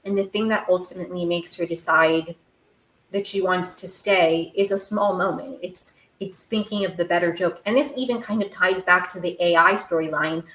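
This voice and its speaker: Young woman podcaster, slightly low voice, effusive and rambling, echoey room. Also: fairly even intonation, moderate pace, fairly bright tone. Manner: gushing, rambling, many "like"s and restarts. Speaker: podcast host. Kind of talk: casual recap chat.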